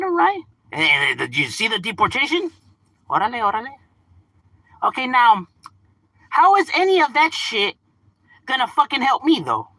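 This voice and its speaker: A man chatting casually, mixing English and Spanish, animated and profane. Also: sits high, husky, no echo. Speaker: livestream host. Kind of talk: casual chat.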